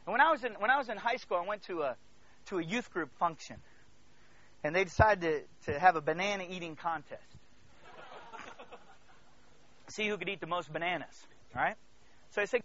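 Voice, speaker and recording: A pastor with a high, bright voice delivers a sermon, shifting from hushed near-whispers to loud outbursts as he calls out to his listeners. The recording sounds dull and lo-fi. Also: normal speed, long pauses, a little hiss or hum. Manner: storytelling, calls out to the congregation.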